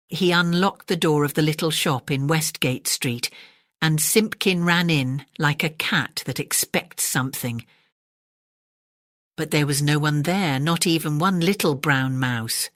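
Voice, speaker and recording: A woman with an English accent reading a classic children's story aloud, gentle and expressive. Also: low-pitched, unhurried, no room sound, studio quality. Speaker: audiobook narrator.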